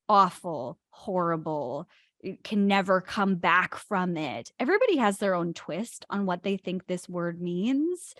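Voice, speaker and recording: Woman cohost leaning hard on words, lowish voice, dry close sound. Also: a bit bright, no room sound. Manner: emphatic, stresses key words. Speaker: podcast co-host. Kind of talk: spiritual talk chat.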